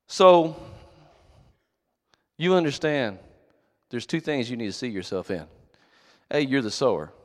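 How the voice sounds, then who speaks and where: A middle-aged male pastor delivers a sermon, his pitch sitting a little high and bouncing all over the place. He talks like a storyteller, cracking jokes and suddenly shouting to hammer a point home. The sound carries a long tail of reverb from a large church hall. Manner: animated, joking storyteller who shouts for emphasis.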